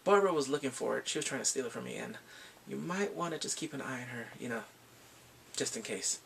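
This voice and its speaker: A man voicing a smooth, scheming male crime boss who gives a quiet warning in a low, hushed delivery. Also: very animated, fast, a little hiss or hum.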